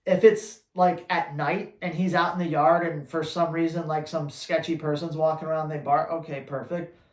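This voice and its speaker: A man who trains dogs, answering viewer questions on a live Q&A in a blunt, energetic, slangy way. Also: a little high, normal speed, roomy sound. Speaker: dog trainer.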